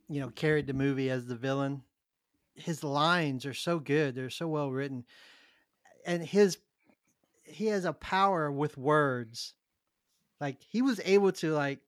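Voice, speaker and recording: Smooth clear guy asking the crew questions, dry sound. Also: mid-range voice, no echo. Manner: steady, measured, leads the talk with questions. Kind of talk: casual chat.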